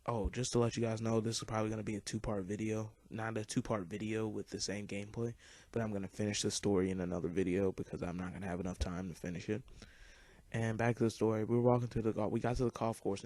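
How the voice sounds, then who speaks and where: A man's voice: lowish voice, a little mellow, dry recording. A teenage boy telling a long personal story over gameplay, rambling, swearing freely and filling his talk with "like". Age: teens. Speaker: gaming commentator.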